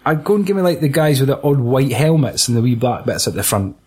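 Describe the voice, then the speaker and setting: A man's voice: mid-range voice, big pitch swings, quick pace, a little mellow, breathy edge. A Scottish man in casual, sweary film chat, joking and doing mock voices.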